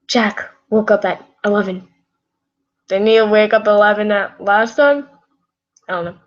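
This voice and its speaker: A woman's voice: medium pitch, fairly even intonation, measured pace, dull audio. A woman casually reading fan fiction aloud, rambling and correcting herself with chatty asides.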